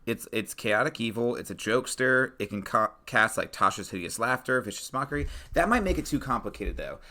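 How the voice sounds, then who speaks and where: A man co-hosting a podcast, brainstorming a tabletop adventure in casual chat, animated and full of fillers. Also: mid-range voice, fairly quick. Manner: animated, acts out player reactions, frequent fillers.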